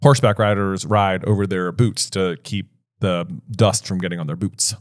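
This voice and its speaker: A man's voice: deep voice, normal speed, no echo, studio quality. A man co-hosting a book discussion podcast, chatting casually, reading passages aloud and joking. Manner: lively, reads passages aloud and jokes. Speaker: podcast co-host.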